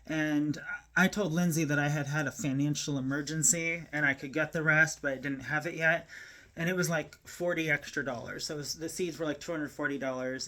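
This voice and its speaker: Speaking to camera, a woman shares a personal story, emotional and close to tears. She talks haltingly and ramblingly, with many fillers and restarts, in a low-pitched, fairly bright voice.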